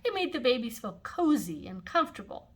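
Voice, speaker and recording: A woman's voice: fairly high pitch, a little fast, voice pushed up. Grandmother as a patient storybook mother. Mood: explaining. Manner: calm, explaining. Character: patient gentle mother reading scripture.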